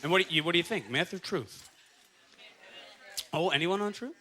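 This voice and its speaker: A man's voice: high-pitched, moderate pace. A Canadian man doing a stand-up comedy set on a club stage, talking animatedly and laughing through his punchlines. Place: comedy club stage before a live audience. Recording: live club set, loud crowd noise. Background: loud audience laughter.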